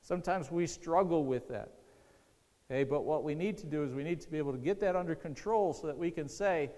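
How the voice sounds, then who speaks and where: A man with a fairly high voice preaches in a casual, conversational way, repeating key lines and putting questions to his congregation. His voice rings out with a long hall reverb, as in a church sanctuary. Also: expressive, moderate pace, a little mellow. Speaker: pastor. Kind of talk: sermon.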